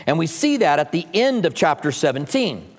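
A man preaches to his congregation with a fairly high voice. He teaches in an easy, conversational way, breaking off for humorous asides before returning to his point. His voice rings out with long reverb through the church sanctuary. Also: very animated, normal speed. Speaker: pastor. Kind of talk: sermon.

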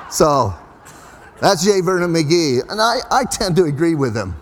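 A man's voice: a little high, big pitch swings, normal speed, big-room sound. A middle-aged man preaching a sermon as pastor, in a folksy, conversational way with emphatic rises.

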